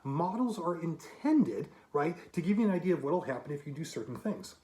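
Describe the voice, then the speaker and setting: A man's voice: a little high, lively intonation, fast talker, dark tone, echoey room. A man in his fifties giving an emphatic, argumentative monologue to camera with rhetorical asides. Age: 50s. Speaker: commentator.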